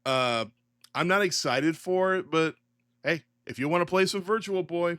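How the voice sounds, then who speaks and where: A middle-aged man hosting a casual solo commentary podcast, ranting in an animated, exasperated way and swearing often. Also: high-pitched, moderate pace, clean tone, dry recording. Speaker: podcast host.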